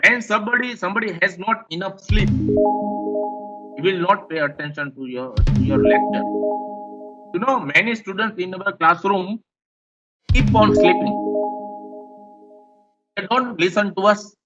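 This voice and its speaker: A man's voice: high-pitched, unhurried, long pauses, muffled recording, loud music behind the voice. A man with an Indian English accent giving a classroom lecture, explaining points and repeating them. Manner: repetitive, explanatory, rephrases points.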